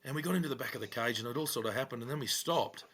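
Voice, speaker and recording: A man's voice: medium pitch, racing, breathy edge. A middle-aged Australian man telling a police story in casual chat, acting out quoted lines in a raised voice. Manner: animated, acts out quotes with raised voice. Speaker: podcast co-host, former police officer.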